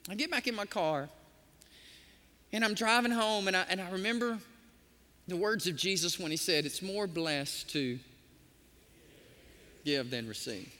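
Animated pastor in a hall. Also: male voice, sits high, a little slow, long pauses. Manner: animated, acts out the voices in his stories. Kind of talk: storytelling sermon.

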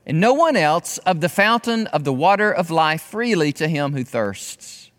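A man preaching a sermon with passion, swinging between loud exclamations and hushed, intimate tones. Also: on the high side, lively intonation, normal speed, long reverb tail. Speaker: pastor.

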